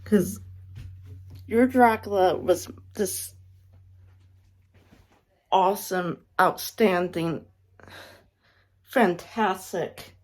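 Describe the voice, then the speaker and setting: A young woman giving an emotional farewell message, close to tears, sighing and restarting her sentences often. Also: medium pitch. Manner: halting, tearful, many restarts and sighs. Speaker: fan vlogger.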